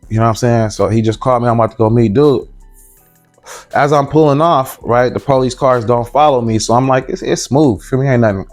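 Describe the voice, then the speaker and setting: Slangy man telling a story. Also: medium pitch. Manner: slangy, animated, acts out the voices of others. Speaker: interviewee. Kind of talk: casual storytelling.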